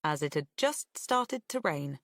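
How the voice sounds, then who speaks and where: A woman narrating an audiobook with a measured, expressive reading. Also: sits low, no echo, clean studio sound. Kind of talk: scripted narration.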